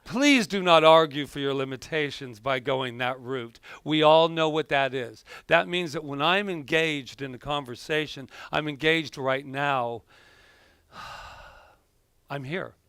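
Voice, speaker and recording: Guy minister chatting thru a sunday sermon, kinda high voice, dry close sound. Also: takes it slowly, a bit bright, clean tone, no room sound. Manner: conversational storytelling, self-correcting. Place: church sanctuary.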